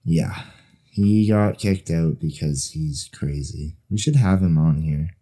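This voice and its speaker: A man co-hosting a podcast, telling stories in a casual, animated way and swearing freely. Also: rumbling low, slow pace. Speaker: podcast co-host. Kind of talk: casual chat.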